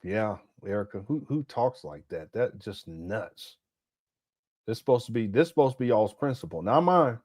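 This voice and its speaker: Man in his fifties, reaction host, blunt and exclamatory, very lively pitch, dry close sound. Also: normal speed, no echo. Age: 50s. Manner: blunt, exclamatory, laughs at clips. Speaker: commentary host. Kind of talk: casual reaction commentary.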